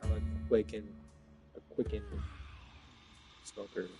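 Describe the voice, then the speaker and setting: A man's voice: lowish voice, little pitch movement, takes it slowly, gravelly, music in the background, rough recording. A man rambling through a casual, profane story monologue, filling his talk with "like". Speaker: vlogger.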